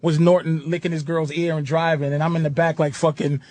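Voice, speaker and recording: A man, a comedian, telling a story on a radio talk show in an animated way, laughing often and swearing freely. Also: on the high side, a little fast, no echo. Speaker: comedian guest.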